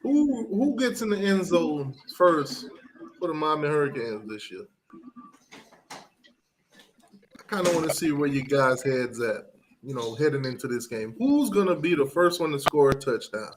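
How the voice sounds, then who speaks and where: A man hosting a casual sports talk live stream, relaxed and musing, with lots of ums as he reads out picks from the chat. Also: on the high side, measured pace, noisy background.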